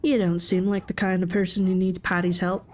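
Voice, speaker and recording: A woman's voice: lowish voice, level tone, a little fast, a little mellow, slight background noise, close to an everyday voice. A woman voicing a suspicious, bullying gang doorman in an attempted Irish accent. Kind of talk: game voice acting.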